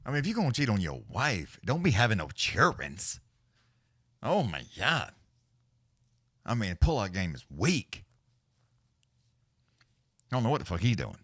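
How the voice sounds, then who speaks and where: Low-voiced man calling fights on a livestream. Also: wildly swooping pitch, fairly bright tone, no room sound, clean studio sound. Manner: rambling, profane, laid-back, with many restarts; fast play-by-play calling during fights. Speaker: livestream host giving fight commentary. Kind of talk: casual live-stream commentary.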